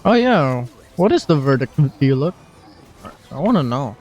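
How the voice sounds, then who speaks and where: A man's voice: mid-range voice, very animated, normal speed, a little mellow, muffled recording, faint music behind. A young man streaming a game, chatting casually and joking at himself while playing. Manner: joking, swears, laughs at himself.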